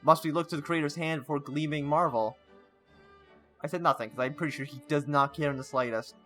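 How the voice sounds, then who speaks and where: Bright-voiced man reading a game aloud. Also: a little high, fairly even intonation, a little fast, faint music behind. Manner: reads the story text with stumbles, breaking off into casual asides. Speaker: gaming channel host. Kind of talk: let's play, reading game text aloud.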